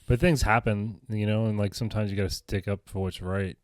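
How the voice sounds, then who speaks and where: A man's voice: on the low side, steady tone, fairly quick, dry recording, studio quality. A young man co-hosting a comedy podcast, telling stories in a laid-back way and often asking "you know what I mean" in casual chat.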